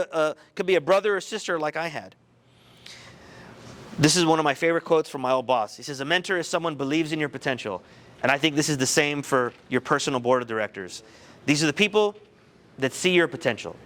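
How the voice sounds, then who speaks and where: A man giving a motivational talk to high school students, telling a personal story in an animated, conversational way. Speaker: guest speaker.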